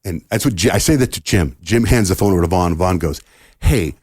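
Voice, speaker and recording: Deep husky-voiced man telling a story. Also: quick pace, no echo. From United States. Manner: animated storyteller acting out quoted dialogue. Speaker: radio host guest. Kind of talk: casual storytelling in a podcast interview.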